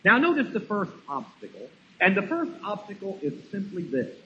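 Emphatic preacher man, high lively voice. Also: normal speed, muffled recording, slight background noise. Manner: emphatic, rhetorical questions to the congregation. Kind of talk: sermon.

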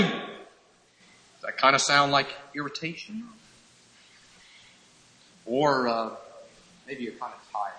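A man's voice: mid-range voice, animated, takes it slowly, long pauses, bright, forceful tone. A man preaching a sermon, emphatic and full of rhetorical questions, mimicking irritated husbands. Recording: echoey hall reverb, cassette recording.

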